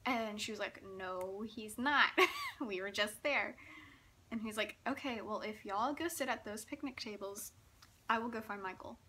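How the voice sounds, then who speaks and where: A young woman recounts a story in a chatty vlog, laughing often and tumbling over her words with excitement. Her voice sits a little high and sounds very bright. A faint hiss runs underneath. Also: moderate pace. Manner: giggly, breathless and excitable, full of "like". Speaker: vlogger.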